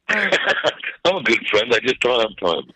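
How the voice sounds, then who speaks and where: A man's voice: mid-range voice, very animated, slow, bright, forceful tone. A man calling in as co-host, giving wry, laid-back short replies over a phone line. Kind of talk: casual chat.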